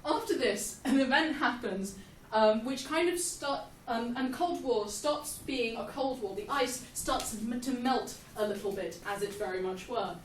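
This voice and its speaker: Animated young woman explaining history. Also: fairly high pitch, a little slow, hardly any pauses, distant mic. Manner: animated, joking, laughs often. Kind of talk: casual jokey history lesson. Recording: echoey room, off-mic, faint hiss.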